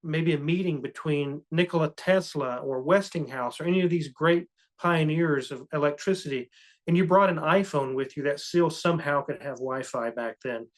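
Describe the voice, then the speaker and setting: A man's voice: fairly high pitch, normal speed. A man co-hosting a podcast, talking in an earnest, cautious, reflective way in casual chat. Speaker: co-host.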